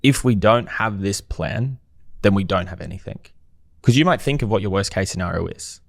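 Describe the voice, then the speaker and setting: A man's voice: lowish voice, normal speed, creaky, dry recording, clean studio sound. A man speaking as a guest on a podcast, talking reflectively and posing rhetorical questions in a casual conversation.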